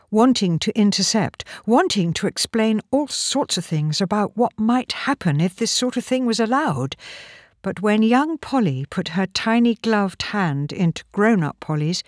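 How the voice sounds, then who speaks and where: Expressive woman reading a storybook. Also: medium pitch, dry recording, clean studio sound. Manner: expressive, animated narration. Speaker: narrator.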